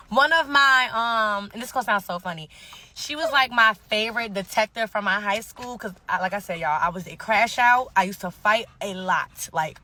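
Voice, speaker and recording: A woman's voice: medium pitch, normal speed, pushed and bright. A young woman telling a wild personal story in casual, profane slang, laughing often. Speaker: guest telling her story. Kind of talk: animated storytelling.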